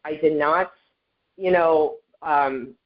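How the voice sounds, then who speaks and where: A network marketing leader shares her story in a casual motivational talk on a group call, chatty and earnest, often addressing listeners as "you guys." Her low voice has a steady tone and a slow pace, and the recording is muffled.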